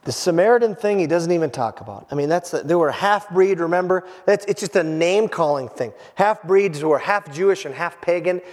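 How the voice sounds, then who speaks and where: A man's voice: high-pitched, brisk, few pauses. A pastor preaching a sermon in a church, acting out the voices in the passage he reads. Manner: animated, acts out the quoted voices. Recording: hall reverb.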